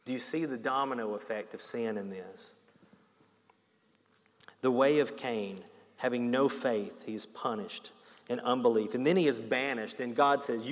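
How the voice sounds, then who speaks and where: A man delivers a sermon in a mid-range voice, earnest and expressive, his intensity swelling and easing. His words ring out with a long reverb, as if from a large hall. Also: mid-range voice. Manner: earnest preaching, rising and falling in intensity. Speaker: pastor.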